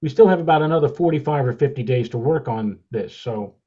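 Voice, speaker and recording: A man co-hosting a weather podcast, explaining a space image step by step in a measured way. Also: medium pitch, animated, warm tone, slightly rough, lo-fi sound. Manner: measured, explanatory, with many uh fillers. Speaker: podcast co-host, meteorologist.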